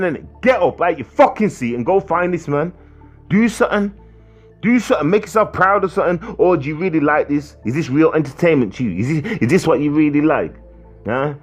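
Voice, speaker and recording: A British man giving a profane, repetitive, confrontational rant for a video commentary. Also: on the high side. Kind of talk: ranting vlog commentary.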